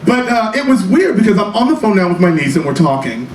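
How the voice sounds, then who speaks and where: Sassy high-voiced man doing stand-up. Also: very animated. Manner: sassy, profane storytelling with quick asides. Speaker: stand-up comedian. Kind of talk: one-man comedy show. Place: small cabaret club stage. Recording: roomy live club recording from a distance, audience noise. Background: audience laughter.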